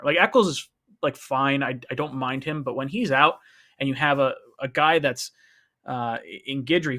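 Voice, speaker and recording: A man hosts a live fan stream in casual, rambling talk. His voice is bright and forward. He gets animated and restarts his sentences often. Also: mid-range voice. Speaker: host of a fan call-in stream.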